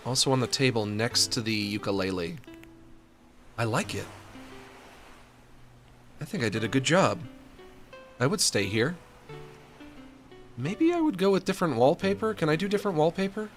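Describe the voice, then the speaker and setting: An excitable man talks his way through decorating a room in a game, swinging from low mutters to bursts of delight. His pitch moves a lot around a middle level. Faint music plays behind him. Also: moderate pace, pauses often. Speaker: streamer. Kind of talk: casual gameplay commentary.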